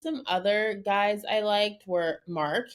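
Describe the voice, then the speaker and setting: A young adult woman co-hosting a podcast in casual chat, talking in a chatty way full of quick asides and "like". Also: medium pitch. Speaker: podcast co-host.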